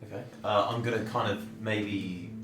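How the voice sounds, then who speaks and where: Male tabletop player, deep voice, tentative and soft-spoken, roomy sound with music behind. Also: steady tone, moderate pace. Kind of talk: casual tabletop play. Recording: echoey room, music behind.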